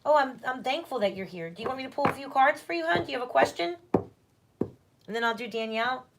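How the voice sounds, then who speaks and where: A woman's voice: sits high, animated, fast talker, gravelly, heavy background noise. A woman doing a casual livestream tarot reading at home, chatty and reassuring as she talks straight to her viewers.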